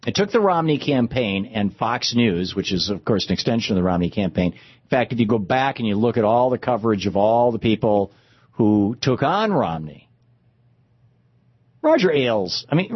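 Male political talk host, sarcastic and indignant, husky and animated. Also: mid-range voice, normal speed, no echo, muffled recording. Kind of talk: political commentary rant.

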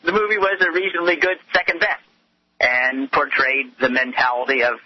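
Indignant husky man on a phone line. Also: a little high, little pitch movement, brisk, no echo. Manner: impassioned, indignant argument. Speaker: guest commentator. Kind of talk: talk radio interview.

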